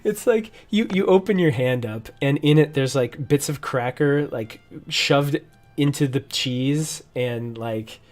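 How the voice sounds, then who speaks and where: A game master narrates a tabletop role-playing scene at an ordinary middle pitch. The delivery is loose and rambling. Fillers and restarts pile up as the scene unfolds. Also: measured pace, a little mellow.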